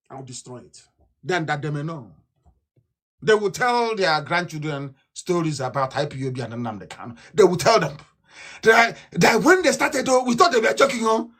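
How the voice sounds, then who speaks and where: A Nigerian man giving a fiery live broadcast speech, ranting and repeating himself, swinging between loud outbursts and low mutters. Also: big pitch swings, normal speed. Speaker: political broadcaster.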